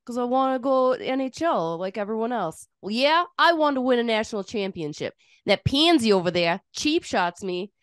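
A woman's voice: on the high side, big pitch swings, normal speed, few pauses, clean tone, no echo, clean studio sound, pitched above the performer's own voice. A woman doing an impression of a brash young male college hockey player with a put-on Boston accent, tough and defiant. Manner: tough, defiant, goes hard.

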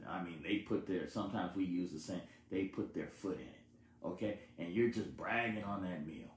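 A man's voice: animated, a little fast, darkish tone. A man preaching a conversational Bible-study sermon. He keeps checking in with "okay?" and lifts his voice to stress a point. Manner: rises in pitch and volume for emphasis. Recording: echoey room with faint hiss.

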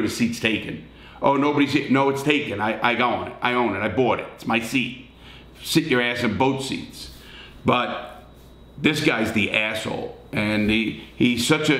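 A middle-aged man with a New York accent, bluntly judging viewer stories in a profane, animated casual retelling. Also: medium pitch, echoey room. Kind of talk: casual storytelling commentary.

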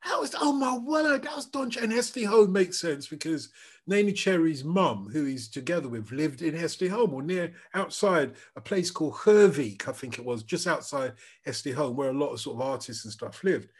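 A man, a podcast co-host chatting casually and telling lively anecdotes. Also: fairly high pitch, normal speed, husky. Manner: animated anecdotal storyteller, restarts sentences. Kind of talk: casual chat.

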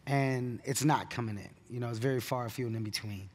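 A man who is a comedian, telling stories in an onstage keynote interview with animated delivery and bursts of laughter. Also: mid-range voice, fast talker. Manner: animated storyteller, laughs at his own story. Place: conference stage.

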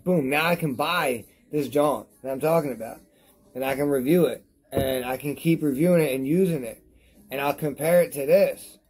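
A man reviewing products on his vlog in a rambling, profane rant to camera while he is high, repeating himself as he talks. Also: normal speed, a little mellow, slightly rough, soft background music.

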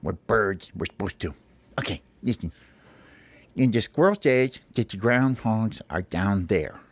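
A man telling a home-made pretend play as a pet bird sleuth, in a low, scheming murmur. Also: expressive, measured pace, dry recording. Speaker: storyteller dad playing the lead bird.

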